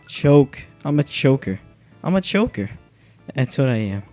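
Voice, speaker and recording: A young man commenting on his own video game play, nervous and self-mocking, breaking into shouts. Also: medium pitch, sing-song, a little slow, faint music behind. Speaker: gaming channel host. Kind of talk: excited let's play commentary.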